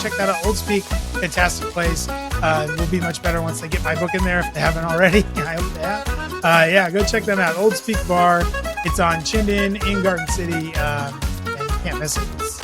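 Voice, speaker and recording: A man hosting a podcast, running through weekend events in a rambling, chatty way with jokey asides. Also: sits high. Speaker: podcast host. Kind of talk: casual event roundup.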